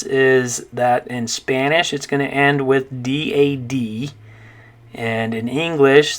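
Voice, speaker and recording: A man giving a recorded pronunciation lesson in a patient, mid-pitched voice. He stretches out each practice word and repeats it, checking in often with "okay?". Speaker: Spanish teacher.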